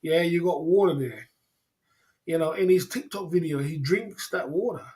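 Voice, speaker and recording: A man's voice: fairly high pitch, normal speed, darkish tone. A man hosting a casual livestream, rambling and laughing a lot, with plenty of slang. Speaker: livestream host.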